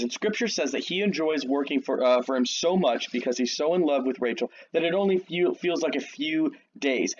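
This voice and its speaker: Casual male storyteller, slangy and jokey, slightly high voice, dull lo-fi sound. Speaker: youth storyteller. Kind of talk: casual Bible story retelling.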